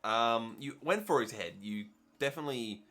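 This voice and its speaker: A man narrating as game master of a tabletop game, relaxed and hesitant, with many pauses and ums. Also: mid-range voice.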